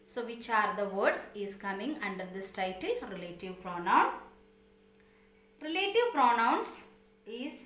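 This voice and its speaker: A woman gives a grammar lesson at an unhurried pace, her fairly high voice rising and falling as she checks in with her students. Her English phrasing is non-native, and the sound carries a noticeable room echo. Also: fairly bright tone. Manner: patient, asks students questions, repeats examples.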